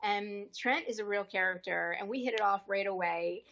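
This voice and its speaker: A woman of middle pitch tells a story in a podcast interview, animated and chatty, jumping into little voices whenever she quotes someone. The audio is slightly dull and muffled, like a modest home podcast setup. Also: normal speed, vocal fry. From US East Coast. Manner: lively, acts out quoted dialogue with shifting voices. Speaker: actress, podcast guest.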